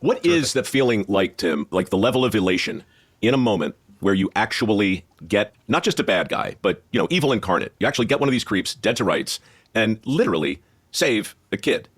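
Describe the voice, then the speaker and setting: A man's voice: fairly low pitch, big pitch swings, a little fast. A man hosting an interview, asking questions in a wry, colorful way. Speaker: host. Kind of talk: interview conversation.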